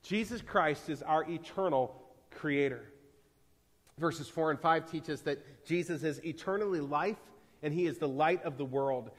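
A man's voice: fairly high pitch, measured pace. A man preaching a sermon as pastor, earnest and storytelling. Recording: reverberant church hall.

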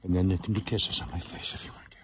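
A man's voice: sits low, flat delivery, fast talker, very noisy, pitched below the performer's own voice, lightly acted. A man voicing a fussy male horse who explains his rules about treats and kisses.

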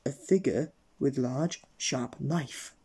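A man's voice: medium pitch, takes it slowly, dark tone, breathy edge. A man reading a children's story aloud in a playful storytelling manner. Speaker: storybook reader.

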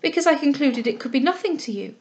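A woman's voice: sits high, animated, quick pace, darkish tone, lo-fi sound, pitched above the performer's own voice. A woman doing an eager, earnest young girl. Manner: eager and heartfelt, speaking up with spirit.

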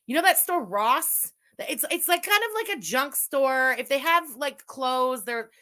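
Bright-voiced woman ranting sarcastically. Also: sits high, lively intonation, measured pace. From Canada. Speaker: commentary streamer. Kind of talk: reaction commentary over a video.

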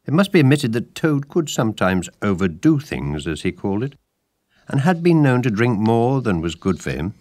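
A man narrating a storybook audiobook in a measured, lively storytelling manner. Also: medium pitch, dry recording, clean studio sound.

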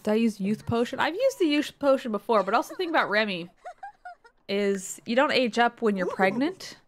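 A woman's voice: on the high side, lively intonation, a little fast, a little hiss or hum. Exasperated woman streaming a game. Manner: exasperated, swearing, muttering asides. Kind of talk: casual gameplay commentary.

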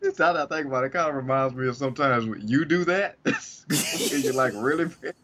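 A man's voice: medium pitch, fairly quick, a bit bright, slight background noise. A man co-hosting a podcast in casual chat, rambling with frequent restarts and laughter. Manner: rambling, restarts often, laughs while talking. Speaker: podcast co-host. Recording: dull lo-fi sound.

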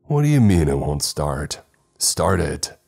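A man playing a stern, deep-voiced captain. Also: fairly even intonation, normal speed, darkish tone, soft background music. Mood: commanding. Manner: commanding, curt. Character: stern male spaceship captain.

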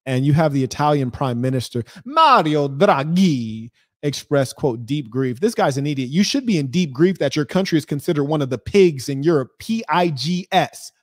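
A man's voice: a little high, brisk, few pauses, a little mellow, dry recording, clean studio sound. A man, hosting a podcast and giving blunt, profane, mocking commentary. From United States. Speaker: podcast host. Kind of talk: ranting commentary.

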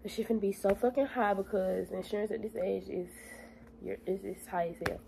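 A woman's voice: mid-range voice, steady tone, a little fast, vocal fry, noisy background. A young woman vlogging in a casual, blunt and profane way, talking straight to her viewers. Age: young adult. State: stressed, near tears. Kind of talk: casual vlog chat.

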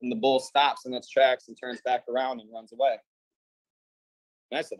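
A man's voice: mid-range voice, steady tone, moderate pace, pauses often, no room sound, low-quality recording. A man speaking as a defendant over a video call, telling a long joke in a meandering, filler-heavy way. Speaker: defendant in a court hearing. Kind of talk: rambling joke storytelling.

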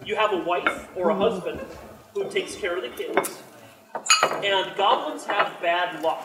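Brief: high, animated male storyteller at a convention talk, distant mic in a roomy hall. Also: unhurried, very noisy. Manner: storytelling, joking, expressive. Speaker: game designer speaking at a fan convention. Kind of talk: animated talk to a live audience.

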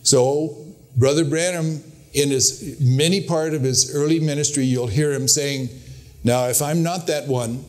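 A man's voice: a little slow, darkish tone. An older man preaching a sermon, telling stories and quoting others in an earnest, emphatic way. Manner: storytelling, quoting with raised pitch, earnest and emphatic.

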